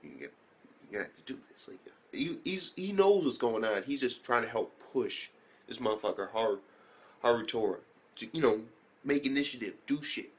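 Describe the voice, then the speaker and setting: A man's voice: mid-range voice, animated, normal speed, husky. A young man casually recapping an anime episode, rambling with slang, swearing and many fillers. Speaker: anime reviewer.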